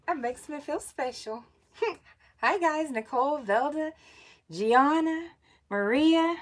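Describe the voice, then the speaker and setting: A woman, hosting a casual craft livestream, bubbly, laughing often and greeting viewers by name. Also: a little high. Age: 40s.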